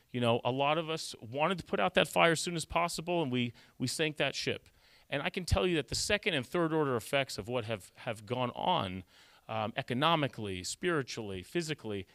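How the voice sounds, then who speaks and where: A man, an emergency physician, giving a conversational storytelling talk, animated and full of fillers and restarts. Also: medium pitch, dry recording. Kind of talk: storytelling lecture. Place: cultural center lecture hall.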